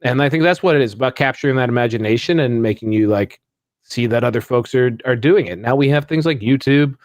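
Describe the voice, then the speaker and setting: A man's voice: medium pitch, quick pace, dry recording. A man co-hosting a podcast in casual chat, rambling with many fillers and restarts. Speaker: podcast co-host.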